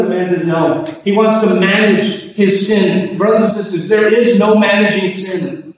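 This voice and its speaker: A man's voice: high-pitched, fairly even intonation, moderate pace. A man preaching a sermon at a church service, emphatic and repeating his key phrases, in an echoey, distant recording. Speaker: pastor.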